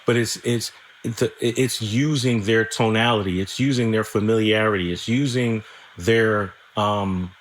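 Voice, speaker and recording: A man with a fairly low voice, talking candidly as a guest on a podcast. He is reflective and halting, circling back and restarting his sentences and swearing now and then. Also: steady tone, slight background noise. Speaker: guest screenwriter. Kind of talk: candid conversational interview.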